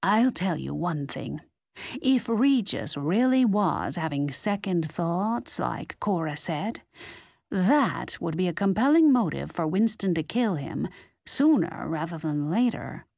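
A woman reading the part of an older woman friend who lays out her reasoning in a measured way. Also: lowish voice, big pitch swings, gravelly, a little mellow, dry recording, studio quality, heavily acted.

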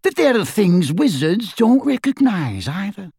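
Dirk: a reader playing a brisk, boastful fugitive wizard. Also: mid-range voice, big pitch swings, darkish tone, breathy edge, no room sound, studio quality, voice pushed up, full character voice. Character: gruff adult wizard on the run, dry humor. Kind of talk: audiobook character voice.

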